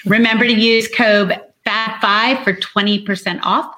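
A woman's voice: mid-range voice, fairly even intonation, a little slow, sharp tone, poor audio. A woman co-hosting an online book show, upbeat and playful. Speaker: co-host. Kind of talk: casual chat and read ad.

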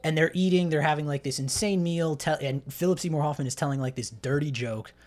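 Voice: medium pitch, fast, darkish tone. A podcast host chatting casually about a film, laid-back and opinionated, with frequent ums.

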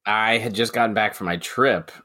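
A man's voice: lowish voice, moderate pace, bright, forceful tone. A man co-hosting a comedy podcast, talking in a hesitant, meandering way. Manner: hesitant, restarts often, meandering. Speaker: podcast co-host. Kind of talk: casual comedic chat.

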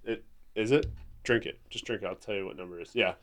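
Male podcast co-host, teasing and profane, lowish voice, dry close mic. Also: fast, a bit bright, no echo. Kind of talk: casual banter.

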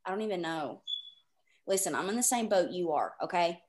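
An excitable woman hosts a casual book podcast. She gushes and rambles quickly with plenty of fillers. Her voice sits at a middle pitch for a woman. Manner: excitable, gushing, fast rambling with many fillers. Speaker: podcast host.

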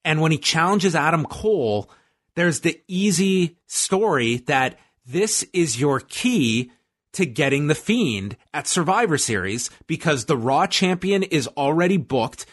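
Chatty man recapping with fillers. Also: on the high side. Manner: rambling, stop-start with frequent fillers. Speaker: podcast co-host. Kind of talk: casual wrestling recap chat.

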